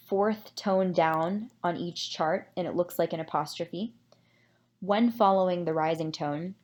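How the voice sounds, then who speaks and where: A woman with a lower, darkish voice gives a scripted academic presentation summarizing a research paper. She's measured and explanatory, with occasional fillers.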